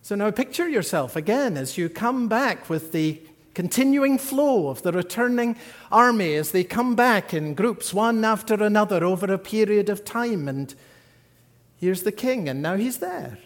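A man preaching a sermon, earnest, rising to emphatic peaks and then dropping soft, heard in a large church hall. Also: sits high, animated, normal speed. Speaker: pastor. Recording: long hall reverb.

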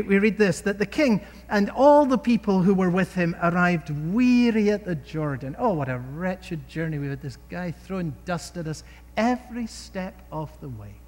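Lively high-voiced male preacher. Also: long reverb tail. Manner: emphatic, rhetorical questions to the listeners. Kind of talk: sermon.

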